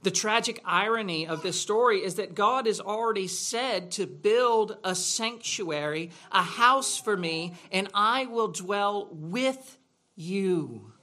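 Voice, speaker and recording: A man's voice: high voice, expressive, takes it slowly, sharp tone. A man preaching a sermon in a church, asking rhetorical questions in a conversational way. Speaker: pastor.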